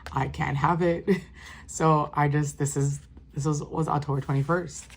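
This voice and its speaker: A woman's voice: low-pitched, fairly even intonation, normal speed, slightly rough. A woman vlogger casually rambling through a walk-through of her craft journal, with many fillers and restarts. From New York State.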